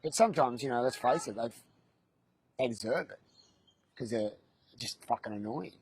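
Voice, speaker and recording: An Australian man delivers a comic monologue about parenting in a deadpan, crude way. He drops mocking asides. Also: mid-range voice, normal speed, husky. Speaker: comedian. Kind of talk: stand-up style comic monologue.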